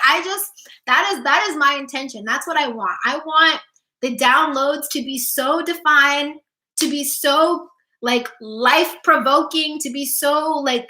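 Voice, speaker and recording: A woman's voice: high voice, animated, moderate pace, bright, forceful tone, reverberant. A woman life coach on a livestream, gushing and enthusiastic, full of "like". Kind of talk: livestream motivational talk.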